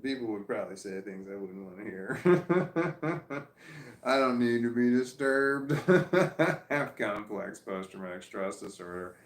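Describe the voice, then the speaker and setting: A man's voice: medium pitch, unhurried, reverberant. A middle-aged man in casual livestream chat, reading out viewer comments, rambling and self-mocking with frequent laughter. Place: room at home, seated in armchair. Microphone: phone.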